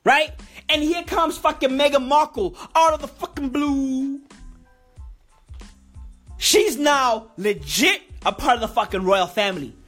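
High-voiced woman on a crude comedic rant. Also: expressive, measured pace, a bit bright, faint music behind. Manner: crude, repeats slang tags, mock-serious.

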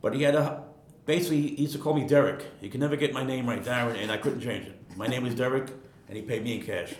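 A man around sixty from Queens, telling stories casually as an interview guest, rambling and repeating words. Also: fast. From Queens, New York. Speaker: guest, retired ironworker. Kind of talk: casual storytelling. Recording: echoey room, faint rumble.

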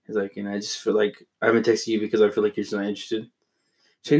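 A man's voice: on the low side, steady tone, very fast. A man telling a long, rambling story among friends, swearing a lot and mocking himself. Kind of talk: casual chat.

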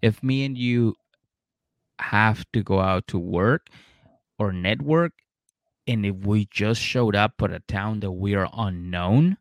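A man co-hosting a podcast in casual chat, retelling scenes with lively acted-out voices and frequent laughter. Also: lowish voice, slow pace, no echo, studio quality. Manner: animated storytelling, acting out voices, laughing often. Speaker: podcast co-host.

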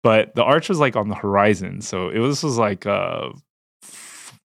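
A man's voice: fairly low pitch, animated, normal speed, vocal fry, a bit bright, no echo, studio quality. A young adult man co-hosting, telling a rambling story in an easygoing way. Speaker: co-host. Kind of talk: casual podcast chat.

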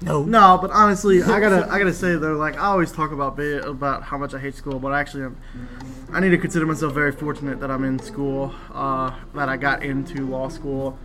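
A man in his twenties with a Louisiana Cajun accent, co-hosting a casual podcast in an animated, joking way. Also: a little high, crowd noise. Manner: animated, joking, quick to laugh. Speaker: podcast co-host, law student. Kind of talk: casual chat.

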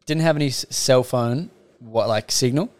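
A young man hosts a podcast in an easygoing, chatty way. His voice is smooth and resonant, and he trades his own stories with his guest at a relaxed pace. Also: medium pitch, normal speed. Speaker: podcast host. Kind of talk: casual interview chat.

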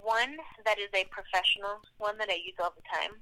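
Engaged woman guest, casual chat, bright voice, dry anecdotal delivery. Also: mid-range voice, steady tone, fairly quick, slight background noise, low-quality recording.

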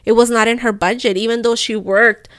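A young woman, telling a story on a podcast in an animated, profane way and slipping into phrases. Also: on the high side, brisk, dry recording, studio quality. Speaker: podcast co-host. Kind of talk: casual storytelling chat.

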